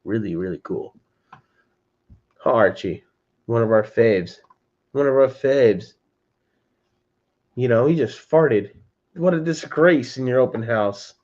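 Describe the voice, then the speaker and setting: A man's voice: mid-range voice, slow, long pauses, a little mellow. A man hosting a casual livestream, chatting loosely with viewers from home and calling them by name. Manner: loose and chatty, addresses chat by name, says "dude". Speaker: livestream host. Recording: slightly dull lo-fi stream audio.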